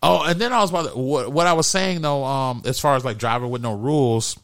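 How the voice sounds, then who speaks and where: A man from Detroit hosting a casual comedy podcast, telling stories in a loose, animated way with lots of fillers. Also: mid-range voice, fast, clean tone. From Detroit, USA. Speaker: podcast host.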